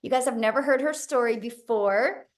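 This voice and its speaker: A woman's voice: a little high, moderate pace. A woman hosting a live webinar over a video call, upbeat and encouraging as she brings on a guest. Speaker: webinar host.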